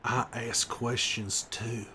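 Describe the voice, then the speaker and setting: Gruff, wry middle-aged survivor, a man in character, teasing chat with slow, easy cursing. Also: mid-range voice, little pitch movement, sharp tone, slight background noise. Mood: bantering. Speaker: streamer in character. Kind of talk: in-character livestream banter.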